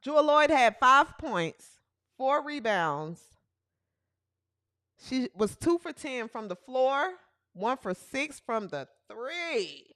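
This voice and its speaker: Animated mocking woman host. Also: sits high, slow pace, no echo. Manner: animated, mocking, exaggerated hollering. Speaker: show host. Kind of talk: comic sports commentary livestream.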